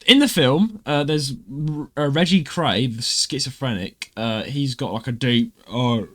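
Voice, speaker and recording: A man with an East London accent hosting a casual podcast chat, animated and jokey. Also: mid-range voice, unhurried. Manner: animated, jokey, laughs often. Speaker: podcast host.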